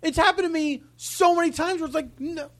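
A man's voice: extremely high pitch, fairly quick, a bit bright. A man as a podcast guest, talking casually in an emphatic, indignant way.

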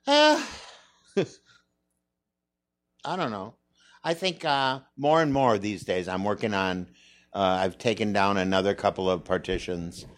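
A stand-up comedian being interviewed, talking in an earnest, reflective, rambling way. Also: male voice, fairly low pitch, big pitch swings, a little slow, long pauses, no echo. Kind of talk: candid interview conversation.

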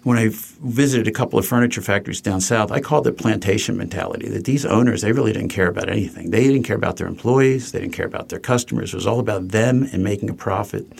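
An older man from New Jersey in a relaxed podcast interview, his voice low, gravelly and husky. He rambles through stories with restarts and slips into quoted voices as he goes. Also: quick pace, few pauses. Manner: anecdotal, acts out quoted voices, frequent restarts. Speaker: furniture company co-founder, guest. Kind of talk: casual interview storytelling.

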